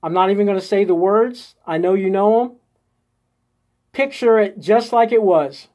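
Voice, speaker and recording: Here the session host has a high-sitting, slightly mellow voice and talks at normal speed. He coaches a live-streamed audience through an inner spiritual exercise step by step, tossing in a coaxing "okay?" or "right?" every few sentences.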